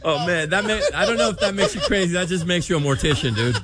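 A man's voice: high-pitched, animated, quick pace, over a noisy crowd. A man hosting a radio show, bantering casually and enthusiastically with callers. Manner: upbeat, enthusiastic. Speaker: radio host.

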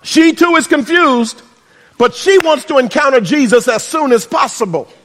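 A man preaching a sermon, swinging between shouts and hushed asides and adding humorous remarks. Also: extremely high pitch, lively intonation, normal speed. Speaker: pastor. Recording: reverberant hall.

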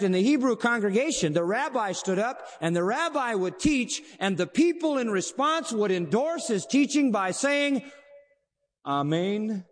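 A male pastor delivers a sermon in a high, sweeping voice that rises and falls all over the place. He poses rhetorical questions and holds dramatic pauses, with a long hall reverb ringing behind his words.

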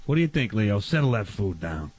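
A man's voice: lowish voice, sing-song, brisk, darkish tone, slightly rough. A man bantering in a comedy bit at a barbecue, rambling, playfully clueless and repeating himself.

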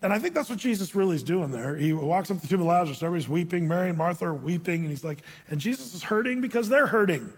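A man delivers a lively sermon in a high, slightly husky voice, his words carrying a long reverb through a large church hall. He preaches as a pastor and now and then slips into quoted voices. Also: rapid-fire, few pauses. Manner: animated, acts out quoted voices.

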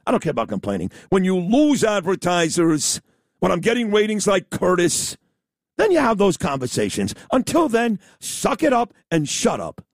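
A man's voice: sits high, dry recording, clean studio sound. A man hosting a radio talk show, talking in a blunt, emphatic, rambling way. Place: radio studio. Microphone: studio mic.

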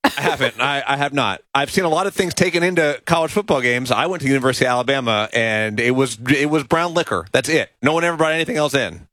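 A man's voice: medium pitch, expressive, quick pace, few pauses, a bit bright, dry recording. A man co-hosting a commentary stream, chiming in with wry asides. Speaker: co-host. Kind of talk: casual commentary chat.

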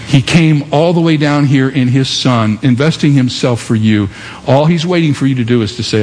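A male pastor delivering an impassioned sermon with long dramatic pauses and rising emphasis, recorded live. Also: mid-range voice, darkish tone. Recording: live sermon in a reverberant hall with faint noise.

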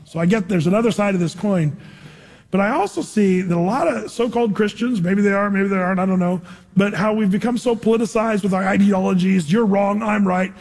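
Male preacher, high husky voice, chatty sermon full of rhetorical questions, long hall reverb. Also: a little fast. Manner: conversational, rhetorical questions, animated asides. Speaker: pastor.

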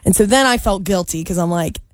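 A woman's voice: medium pitch, brisk, dry recording. A young woman in her twenties, co-hosting a morning radio show and telling a story in a chatty way with fillers and giggles. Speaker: radio co-host. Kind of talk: casual morning radio chat. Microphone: studio microphone.

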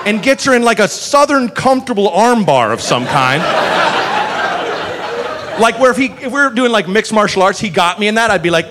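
A man telling a profane, animated story as a stand-up comedian, full of quick asides. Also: high-pitched, very noisy.

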